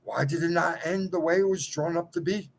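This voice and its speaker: Man, rambling impassioned rant, agitated, loud-to-quiet swings, faint background noise. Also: on the high side, fairly quick, vocal fry, low-quality recording. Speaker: video poster. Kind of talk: impassioned monologue.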